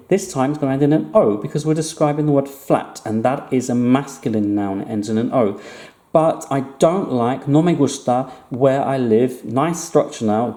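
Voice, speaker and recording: A man teaching an online lesson, explaining patiently and slowing down to repeat words clearly. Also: mid-range voice, warm tone, echoey room. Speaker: Spanish teacher.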